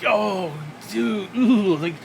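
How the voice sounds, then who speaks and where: Man, wrestling review rant, profane, exasperated, higher voice, faint air-conditioner hum. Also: very slow, creaky. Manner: profane, exasperated, frequent sighs. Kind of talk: ranting review.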